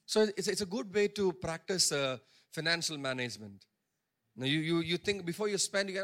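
A man's voice: fairly high pitch, animated, brisk, fairly bright tone. A male pastor preaching a sermon, stressing points by repeating phrases and acting out the characters' words in his own voice. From India.

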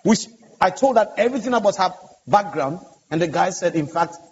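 A man's voice: high-pitched, animated, a little fast, breathy edge. A man, a pastor on a conference panel, telling a story earnestly and emphatically, acting out the dialogue. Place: large conference hall. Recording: dull, echoey conference hall audio with hiss.

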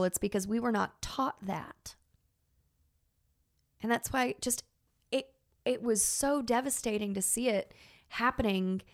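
A woman's voice: a little high, creaky. A woman in her thirties, a teacher, telling a personal story in an earnest, emotional way with many fillers.

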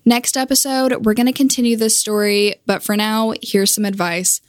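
Young woman, podcast host, upbeat sign-off, slightly high voice, dry close mic. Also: fairly even intonation, normal speed, no echo. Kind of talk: casual podcast outro.

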